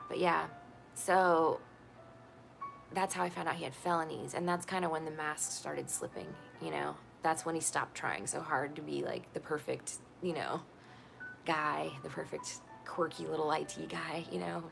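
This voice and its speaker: Woman, deep voice, heavy vocal fry, casual profane storytelling. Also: normal speed, music in the background. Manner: candid, profane, laughing storyteller.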